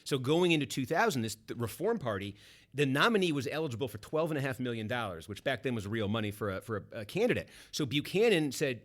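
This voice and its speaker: A man's voice: mid-range voice, fast talker. A man from Boston, a book author and guest, telling detail-packed political stories in a podcast conversation. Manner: animated, detail-packed anecdotes. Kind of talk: fast political storytelling.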